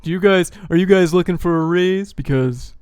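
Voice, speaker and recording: A man voicing a bossy male corporate manager who speaks loudly in patronizing office-speak. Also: high-pitched, moderate pace, clean tone, no room sound, clean studio sound, voice pushed up, close to an everyday voice. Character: pushy corporate male boss, smooth and bossy.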